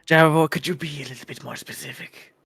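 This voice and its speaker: A man's voice: fairly high pitch, steady tone, fast, creaky, fairly bright tone, breathy edge, soft background music, exaggerated voice. A man playing a stern, curt lizardfolk warrior. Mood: exasperated. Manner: curt and exasperated. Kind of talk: live tabletop role-play.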